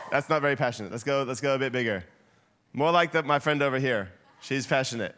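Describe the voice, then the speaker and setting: A man preaching a sermon in a church hall, lively and playful, getting the congregation to shout along with him. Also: mid-range voice, fairly quick, background noise. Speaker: guest preacher.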